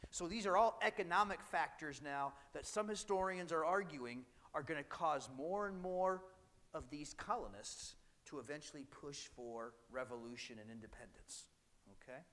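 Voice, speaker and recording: A man teaches history to a class in a casual, conversational manner, slipping into little voices for the people he quotes. His voice sits a bit high for a man. The sound trails off in the long reverb of a big hall. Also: moderate pace, fairly bright tone. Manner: conversational, acts out British and colonist voices. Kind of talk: classroom lecture.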